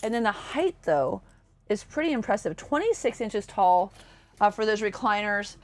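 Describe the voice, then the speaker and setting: A woman's voice: medium pitch, lively intonation, moderate pace. A woman giving a casual, chatty walkthrough of a motorhome as a presenter, enthusiastic and full of fillers. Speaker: RV sales presenter. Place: inside a motorhome.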